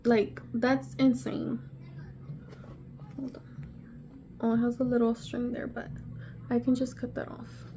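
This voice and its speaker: A woman vlogger unboxing on camera, excitable and gushing, gasping often and sometimes dropping to a breathy whisper. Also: a little high, slow pace, pauses often, slight background noise. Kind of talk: casual unboxing vlog.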